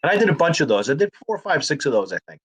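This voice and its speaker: A man's voice: on the high side, very fast, breathy edge. A man, an actor and comedian telling stories in a casual conversation and acting out the dialogue. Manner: animated storyteller who acts out quoted dialogue.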